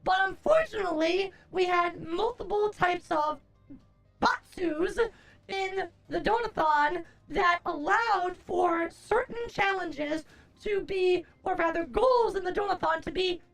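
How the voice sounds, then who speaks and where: Woman streamer, very high voice with vocal fry, profane and theatrical, faint music behind. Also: a little slow, a bit bright. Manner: profane, theatrical mock-furious ranting. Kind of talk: casual livestream chat. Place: at a desk at home.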